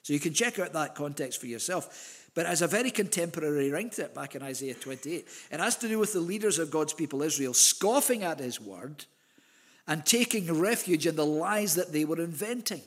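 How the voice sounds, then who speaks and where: Earnest pastor preaching with slow emphasis. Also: male voice, a little high, expressive. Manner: earnest, emphatic, with slow stressed phrases and occasional repeated words. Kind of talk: sermon. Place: church.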